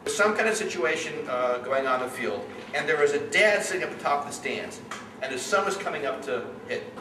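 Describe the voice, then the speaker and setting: A middle-aged man speaks to parents as their coach, telling animated stories and putting questions to the room. His voice sits slightly high. It is picked up from afar, with room echo and steady background noise. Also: fairly quick. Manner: animated storytelling, addresses the audience directly. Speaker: youth sports coach. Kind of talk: seminar talk to parents. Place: room with an audience. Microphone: distant room mic. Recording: echoey room, distant mic, background noise.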